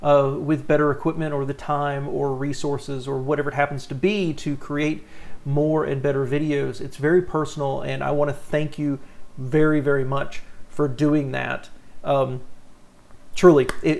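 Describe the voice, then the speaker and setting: Male host, somewhat high voice with a gravelly edge, expressive and earnest, casual talking-head delivery to camera. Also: normal speed. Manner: animated, sincere, talks with his hands. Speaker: car channel host. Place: home studio.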